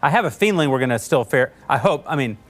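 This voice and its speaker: A man's voice: mid-range voice, expressive, fast, background noise. A man giving earnest commentary as a panel guest, restarting and qualifying as he goes.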